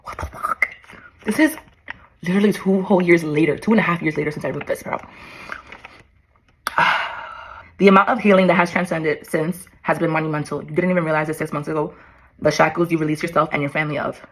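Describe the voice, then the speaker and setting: A woman's voice: deep voice, fairly even intonation, a little fast, fairly bright tone, a little hiss or hum, low-quality recording. A young woman in her twenties vlogging as she reads an old letter to herself aloud, emotional, swearing and laughing in disbelief.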